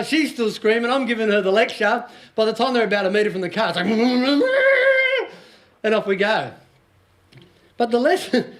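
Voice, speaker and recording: An Australian business coach with a high-pitched voice gives a casual motivational seminar talk to a small group. He's chatty and joking, and he quizzes his audience.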